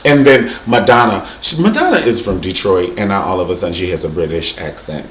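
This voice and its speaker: A man's voice: deep voice, a little fast, hardly any pauses. Guy doing a jokey vlog rant, lots of swoops, echoey room with a bit of hiss. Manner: animated, exaggerated, playful. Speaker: host. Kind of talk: comedic vlog monologue.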